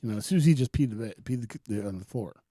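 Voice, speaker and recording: A man's voice: medium pitch, expressive, quick pace, dark tone, no room sound, studio quality. A man co-hosting a casual podcast, laid back, swearing and laughing often. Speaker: podcast co-host.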